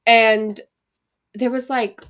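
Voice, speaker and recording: Animated young woman telling a story. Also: on the high side, very slow. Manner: animated storytelling, frequent swearing and laughing. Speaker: podcast co-host. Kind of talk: casual chat.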